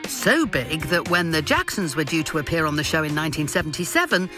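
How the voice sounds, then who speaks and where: Lively documentary narrator over music. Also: medium pitch, fairly quick. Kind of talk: scripted narration. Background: music bed.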